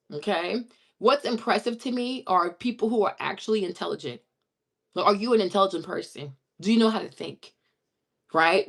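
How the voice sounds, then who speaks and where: Blunt, emphatic woman vlogger. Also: mid-range voice. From immigrant who moved to the US as a child. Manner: blunt, emphatic, tags lines with "okay?" and "right?". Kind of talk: casual direct-to-camera talk.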